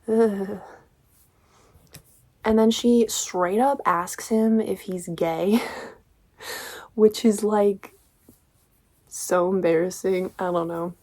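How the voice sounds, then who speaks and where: A woman's voice: mid-range voice, fairly even intonation, extremely slow, pauses often, a little mellow. Sarcastic woman reviewing a book. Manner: sarcastic, exasperated critique. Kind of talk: casual book commentary.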